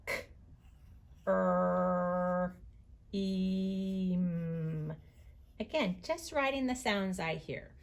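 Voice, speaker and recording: A woman teacher giving a writing lesson to young children, slowly stretching out the sounds of words as she writes. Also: on the high side, very animated.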